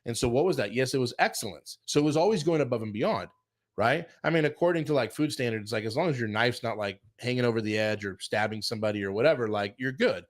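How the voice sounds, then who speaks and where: A middle-aged man telling a casual career story, animated, acting out quotes and saying "like" a lot. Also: medium pitch, fast talker. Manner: animated, acts out quotes, many fillers like "like". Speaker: chef and show guest telling his career story.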